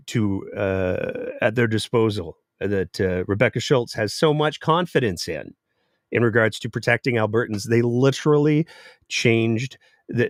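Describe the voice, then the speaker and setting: A man hosting a live political commentary show, sarcastic and animated. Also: on the high side, no echo, clean studio sound. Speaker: political podcast host.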